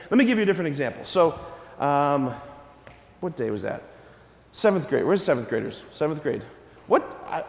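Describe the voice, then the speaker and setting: A man who is a priest, giving a lively, conversational homily to children at Mass and asking them questions. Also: high voice. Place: large church. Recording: echoey church hall, from a distance.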